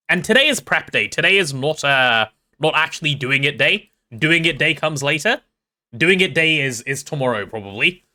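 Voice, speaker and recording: A man streams a game from his home setup, rambling through his build and greeting viewers in chat. His voice is bright and a little high, and his pitch swings widely as he talks. He restarts his sentences often and keeps an easy, chatty flow. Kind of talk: casual live-stream chat while playing.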